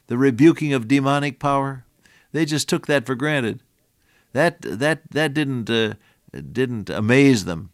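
A man's voice: medium pitch, no room sound, studio quality. An older man preaching an earnest radio sermon, his voice rising and dropping in volume for emphasis.

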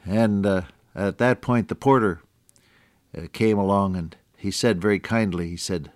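A man's voice: deep voice, unhurried, a little mellow, dry recording, clean studio sound. A man teaching the Bible on the radio in a folksy, chuckling way.

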